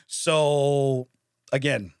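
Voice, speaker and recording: A man's voice: medium pitch, steady tone, drawn-out words, clear, resonant tone, no echo, studio quality. A man co-hosting a live comedy podcast, reading strange news stories in casual chat, laughing often and cracking jokes. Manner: laughs often, jokey asides and mock quotes. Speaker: podcast co-host. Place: live recording with a co-host.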